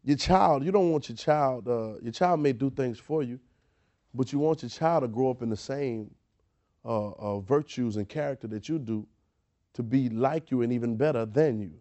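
With a dark-toned, medium-pitched voice at a moderate pace, this preacher keeps repeating and restarting his words. His sermon is emphatic and repetitive, full of rhetorical questions.

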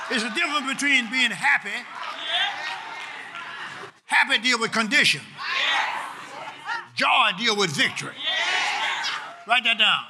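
A man preaching with a very high, lively voice, breaking into bursts of laughter and shouted calls to the congregation. The live church recording is swamped by a loud crowd and heavy noise. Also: measured pace, pauses often. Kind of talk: charismatic sermon.

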